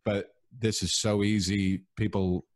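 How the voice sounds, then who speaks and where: Low-voiced young man, laid-back podcast host. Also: unhurried. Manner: relaxed, rambling, full of fillers. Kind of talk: casual podcast chat.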